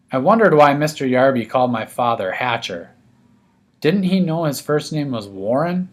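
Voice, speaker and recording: A man giving a first-person narration of a children's story aloud, told from a young boy's point of view. His delivery stays steady and scripted throughout. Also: mid-range voice, normal speed. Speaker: audiobook reader.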